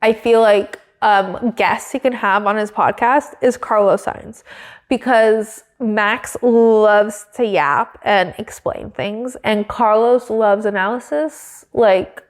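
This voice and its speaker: A woman hosting a podcast in loose, casual chat, her speech full of "like" and small restarts. She sounds amused and tells things at an easy pitch for a woman. There is no echo or background sound. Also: slow. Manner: chatty, peppered with "like", breaks into giggles. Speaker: podcast co-host.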